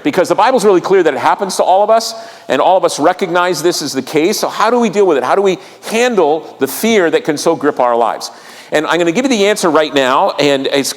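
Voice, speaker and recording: Earnest pastor preaching in a reverberant church. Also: male voice, a little high. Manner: earnest, repeats key lines, asks the congregation questions. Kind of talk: sermon. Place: church sanctuary.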